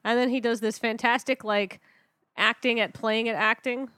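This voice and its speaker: A woman co-hosting a podcast, retelling a TV episode in a chatty, animated way with quoted lines. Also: on the high side, normal speed, clear, resonant tone, no echo, studio quality. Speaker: podcast co-host. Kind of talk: casual chat recapping a TV episode.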